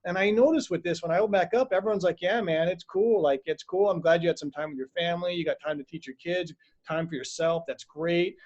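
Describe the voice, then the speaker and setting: A man chatting casually on a video call, telling stories with animated acted-out quotes. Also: a little high, fast, hardly any pauses. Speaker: acupuncturist and host. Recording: dull lo-fi video call audio.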